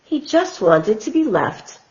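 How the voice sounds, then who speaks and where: A woman reading a picture book aloud to small children in a gentle, sing-song way. She reads slowly, and her pitch rises and falls widely. The recording is slightly dull and lo-fi. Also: big pitch swings, background noise. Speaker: children's storytime host.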